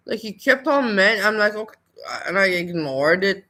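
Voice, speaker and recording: A woman chatting casually with a bright, sharp voice. She gossips with open scorn and complains about people she finds annoying. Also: medium pitch, expressive, moderate pace. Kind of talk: casual chat.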